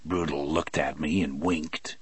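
A man reading an audiobook aloud in a measured, wry storytelling manner. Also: a bass voice, fairly even intonation, breathy edge, no room sound. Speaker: narrator. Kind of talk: audiobook narration.

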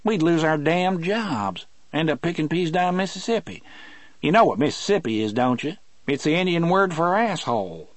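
A man's voice: a little high, big pitch swings, normal speed, no echo, pitched above the performer's own voice. A man doing a sour, gloomy prison guard. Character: gloomy middle-aged male prison guard.

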